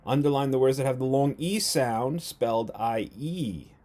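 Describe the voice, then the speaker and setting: A man in the middle of the male pitch range, teaching young children a remote reading lesson. He talks slowly and clearly and sounds out letters one at a time. He poses playful either-or questions to keep small kids following along. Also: a little mellow. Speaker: first grade teacher. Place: at home.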